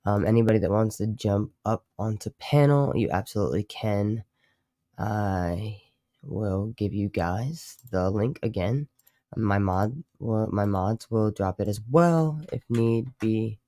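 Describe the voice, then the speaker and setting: A man's voice: on the low side, a little slow, mellow, no room sound, clean studio sound. Rambling, cussing male streamer. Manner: rambling, profane, self-interrupting. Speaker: livestream host. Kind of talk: casual live stream chat.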